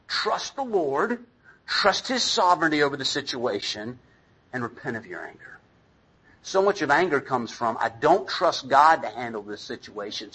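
A man's voice: mid-range voice, bright, forceful tone, husky, rough recording. A middle-aged man, a pastor, preaching a sermon in a conversational, self-deprecating way, with asides to the congregation.

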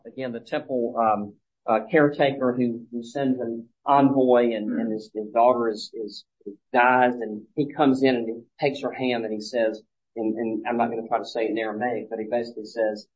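A man's voice: mid-range voice, steady tone, moderate pace, lo-fi sound. A man teaching a sermon in a conversational way, with many restarts, acting out the lines he quotes. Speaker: pastor teaching a Bible study.

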